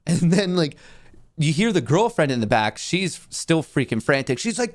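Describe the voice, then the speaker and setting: A young man hosting his own show tells a story casually and with animation, acting out the people involved. His voice is a little high and his pace brisk.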